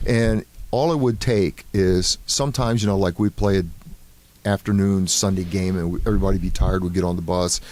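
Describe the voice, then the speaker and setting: An older man, a former ballplayer, telling relaxed stories in an interview with plenty of fillers and restarts. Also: sits low, normal speed. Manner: relaxed anecdotal storytelling with many fillers. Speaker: former baseball player, guest. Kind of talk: casual storytelling interview.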